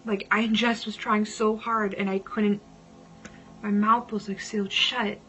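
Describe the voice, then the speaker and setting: A woman vlogger telling a personal story casually, dramatic and at times dropping into hushed whispers. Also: medium pitch, level tone, a little slow, faint music behind, low-quality recording.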